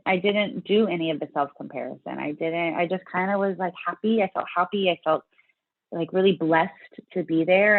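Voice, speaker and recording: Animated woman on a tinny line. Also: fairly low pitch, vocal fry, dry recording. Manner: animated, many restarts and fillers. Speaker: guest, bodybuilding competitor. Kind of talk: casual interview storytelling.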